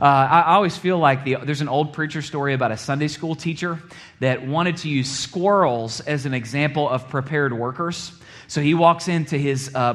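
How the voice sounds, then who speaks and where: Conversational man preaching a sermon. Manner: conversational preaching, checks in with "okay?", drops low and quiet for drama.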